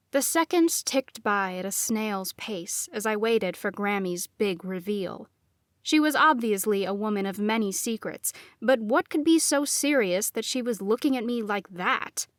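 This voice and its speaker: A woman reading a first-person novel as audiobook narrator, in a measured, expressive delivery. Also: mid-range voice, no room sound, clean studio sound.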